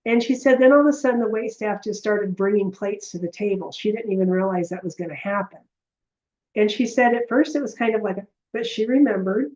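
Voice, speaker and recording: A woman's voice: mid-range voice, brisk, a little mellow, muffled recording. A woman giving a live online lesson as a healing teacher, telling stories with animation and speaking straight to her viewers. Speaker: energy healer and heart coherence teacher.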